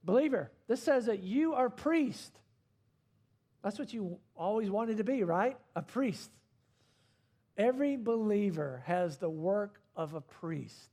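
A man delivers a sermon in a fairly high voice, pressing hard on key words and then dropping low and soft. His preaching rises and falls in intensity as he drives each point home. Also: lively intonation, slow pace. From not from Australia. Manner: emphatic preaching with rising and falling intensity. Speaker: pastor.

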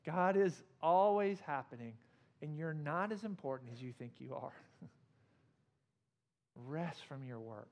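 A male pastor delivers a sermon in an earnest, conversational way, slipping in gentle humor. His voice sits a little higher than most men's. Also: lively intonation, normal speed.

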